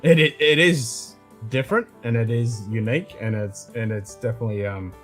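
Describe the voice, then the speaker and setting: A man hosting a casual whisky chat, blunt and quick to swear, laughing often. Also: mid-range voice, a bit bright, faint music behind. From Australia. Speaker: host.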